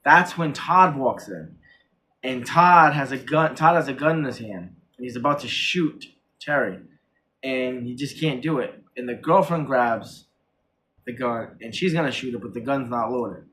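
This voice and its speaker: A man reviewing a horror film in casual chat, retelling the plot excitedly with many restarts and corrections. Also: mid-range voice, unhurried, slight background noise.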